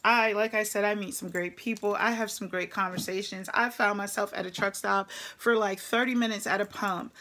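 A woman's voice: mid-range voice, steady tone, normal speed, hardly any pauses, sharp tone. A woman truck driver with a New Jersey accent, chatting frankly to camera, laughing often and putting on voices as she tells stories. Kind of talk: casual talk to camera. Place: at her computer.

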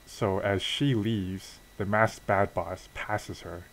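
A man's voice: fairly low pitch, steady tone, takes it slowly, poor audio. A man casually narrating a wrestling game story as a let's play, with fillers and restarts.

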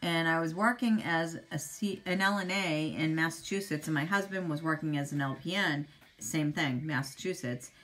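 A woman's voice: sits low, normal speed, fairly bright tone, a little hiss or hum. A middle-aged woman hosting a casual live makeup demo at home, chatting with viewers and answering them by name. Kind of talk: casual live-stream chat.

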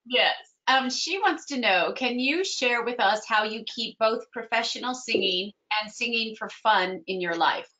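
A woman's voice: a little high, expressive, measured pace, hardly any pauses, pushed and bright. A woman moderator in a friendly, upbeat manner, reading out audience questions. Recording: dull lo-fi audio.

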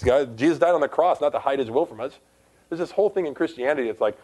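A middle-aged man preaching a sermon in a quick, conversational way, full of asides, rising at times to loud, emphatic exhortation. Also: mid-range voice. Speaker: pastor.

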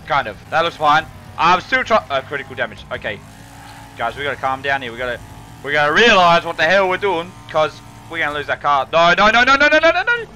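A young man, excitedly commentating his own car game, swearing and calling everyone mate. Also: a little high, rough recording. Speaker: gaming video host. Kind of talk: casual gameplay commentary.

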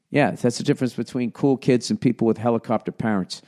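A man's voice: mid-range voice, steady tone, fast talker, few pauses, mellow. Podcast host, middle-aged man, Boston accent, sarcastic ad reads full of swearing riffs. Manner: profane, sarcastic, shifts between reading copy and riffing. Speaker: podcast host reading ads. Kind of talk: ad read with riffing asides.

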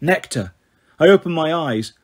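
A man narrating a first-person audiobook with steady, quick storytelling. His voice is husky and sits a little high for a man. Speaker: audiobook reader.

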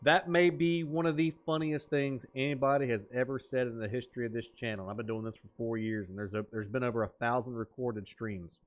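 A man's voice: mid-range voice, steady tone, fairly quick, few pauses, highs cut off. A man streaming a game, joking and riffing in playful banter with his chat. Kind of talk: gaming stream commentary.

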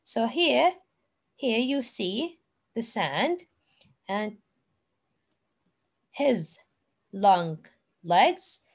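Woman teacher, very slow patient delivery, repeats each word, voice a bit high. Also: big pitch swings. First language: Arabic. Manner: slow, repeating words for learners. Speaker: English teacher. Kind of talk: online classroom lesson.

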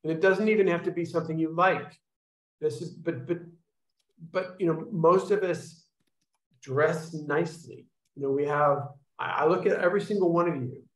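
A man's voice: on the high side, steady tone, normal speed, reverberant, poor audio. A man leading an online study group, talking loosely with restarts and acted-out sounds as he explains exercises. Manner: rambling, with restarts and demonstration sounds. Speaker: workshop leader. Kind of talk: casual teaching to an online group. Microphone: video call.

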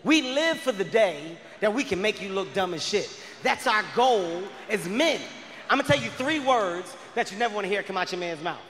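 A man doing stand-up comedy on stage, telling a story loudly and shouting the punchlines. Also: high voice, animated, moderate pace, a little hiss or hum. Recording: echoey live hall recording.

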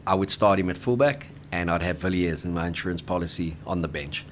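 A man's voice: low voice, brisk, a little hiss or hum. Chatty man talking rugby. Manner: chatty, laughing, emphatic about rugby. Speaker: rugby podcast co-host. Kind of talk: casual sports chat.

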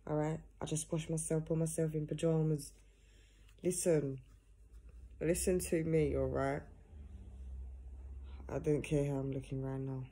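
Her voice is low and mellow with a breathy edge as this young vlogger talks to camera at home in pajamas. Earnest and direct, she tags nearly every phrase with "yeah?", and a phone or camera mic picks her up.

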